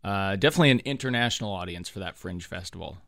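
Bright-voiced man hosting radio chat. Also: low voice, animated, fast, creaky. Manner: easygoing, rambling with fillers. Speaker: radio show host. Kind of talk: casual talk radio chat. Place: radio studio. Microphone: studio microphone.

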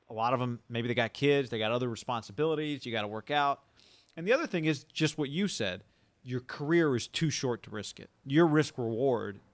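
A man co-hosting a casual sports talk show, animated, telling stories with quoted dialogue and swearing now and then. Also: mid-range voice, no echo.

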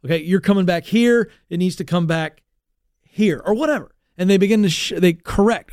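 Hosting a career advice talk show, a man with a fairly high voice speaks at normal speed, energetic and emphatic, repeating his points and adding asides. The sound is close and dry with no echo.

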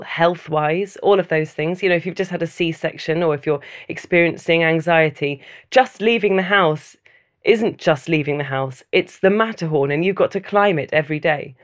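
Reflective woman with a lowish voice. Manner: measured, thoughtful, lists things in runs. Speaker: mother interviewed about loneliness. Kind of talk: reflective personal account.

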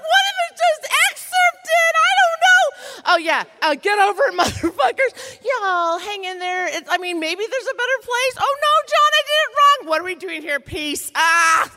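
A woman doing a comic rant on stage, swearing, laughing and crying in a mock outburst. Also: very high-pitched. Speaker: comedy show guest. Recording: loud noise over the voice.

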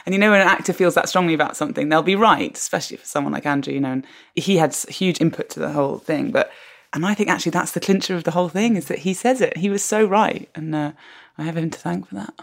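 A woman guest on a podcast interview, telling stories in an animated, expressive way and laughing often. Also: fairly low pitch, quick pace, creaky. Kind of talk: conversational interview.

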